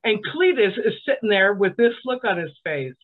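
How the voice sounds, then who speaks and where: A woman's voice: medium pitch, big pitch swings, moderate pace. A woman from Alabama, a podcast guest telling a story in a dry, sardonic way. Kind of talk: casual storytelling on a comedy podcast. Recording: tinny phone-like line.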